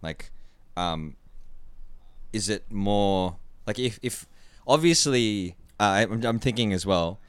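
A man's voice: fairly low pitch, takes it slowly, smooth, dry recording. A man, co-hosting a casual podcast chat and telling stories with lots of laughter. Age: 30s. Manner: animated storyteller who laughs often. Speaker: podcast co-host.

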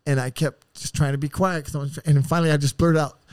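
A man's voice: on the high side, racing, smooth, no room sound. A man, a podcast guest, telling his life story in blunt, profane language and acting out the voices of the people in it. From San Diego area. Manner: blunt, profane, animated retelling with quoted voices. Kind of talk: candid storytelling.

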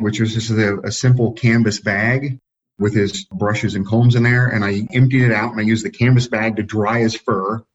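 A man, a dog-breeder guest on a podcast, telling relaxed anecdotes in a casual way. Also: on the low side. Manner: relaxed, anecdotal, chuckles at his own stories. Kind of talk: casual storytelling. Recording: dull lo-fi sound.

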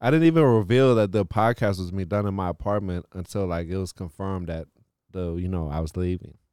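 In a low-pitched, clear, resonant voice, a little fast, a male podcast host tells a long, animated story, swearing frequently and filling it with "like". The recording is dry with clean studio sound.

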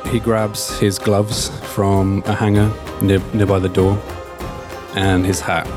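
A man's voice: sits low, monotone, slow, over music. A man playing a tabletop role-playing game, describing his character's actions with hesitant fillers. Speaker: player.

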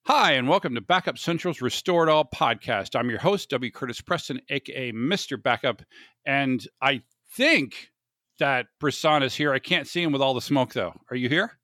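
A man's voice: medium pitch, expressive, moderate pace, sharp tone, dry recording. A man from Florida hosting a podcast in a chatty, joking way, often restarting his sentences. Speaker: podcast host. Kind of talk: casual podcast chat.

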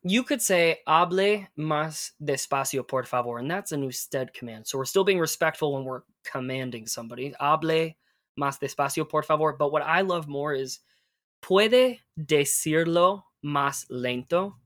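A man teaching conversational Spanish, patiently explaining and modeling phrases slowly. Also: a little high, a bit bright, no echo, studio quality.

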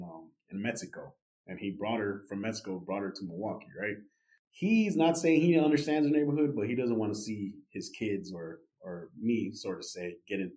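Man, fairly low voice, casual storytelling, lots of fillers, podcast guest. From United States. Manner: animated, many fillers like "you know" and "right".

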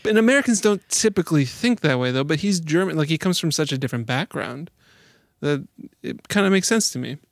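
A man co-hosting a casual conversation, telling stories in a relaxed way and agreeing often. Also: on the high side, fairly quick, creaky, dry recording, clean studio sound. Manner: relaxed storyteller, affirming often. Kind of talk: casual chat.

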